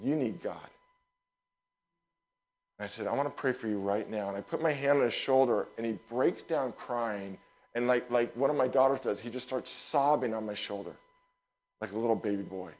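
A male pastor telling a personal story in a sermon, animated, with quick asides and repeated words. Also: medium pitch.

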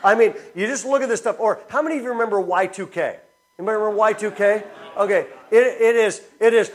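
A man's voice: high voice, a little fast. A man preaching a sermon as pastor, telling stories and asking the congregation questions. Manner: storytelling, animated, asks the congregation questions.

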